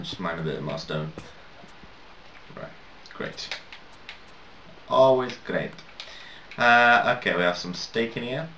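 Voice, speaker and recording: Rambling young man, slow, roomy lo-fi mic. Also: fairly low pitch, a bit bright, slight background noise. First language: not English. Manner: rambling, swears, laughs at himself. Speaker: gameplay commentator. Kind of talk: casual gameplay commentary. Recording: lo-fi roomy home mic at a distance.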